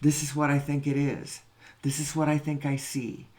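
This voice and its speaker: A spiritual talk host with a fairly high, monotone, darkish voice delivers a rambling monologue at a moderate pace on spiritual and social questions. He repeats himself often, poses rhetorical questions, and curses casually, with slight background noise present.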